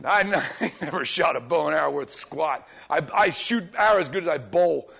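Animated high-voiced male preacher. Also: moderate pace, creaky, slightly rough. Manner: animated, colloquial storytelling that acts out dialogue. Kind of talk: sermon. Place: church, speaking before a congregation.

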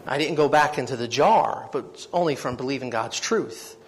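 A man's voice: mid-range voice, moderate pace. A man preaching a sermon, telling his own story in an earnest, heartfelt way that swells with feeling. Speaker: preacher giving testimony.

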